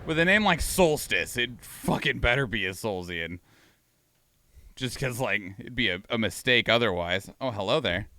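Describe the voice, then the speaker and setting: A man hosting a reaction video, talking casually with an animated, ranting, swearing manner. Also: medium pitch, moderate pace.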